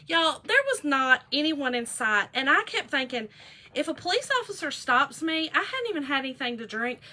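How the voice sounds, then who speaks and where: A woman's voice: high voice, very animated, moderate pace, bright, forceful tone. A woman, telling a funny story in a casual vlog chat, laughing often and saying "y'all" a lot. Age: 40s. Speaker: vlogger.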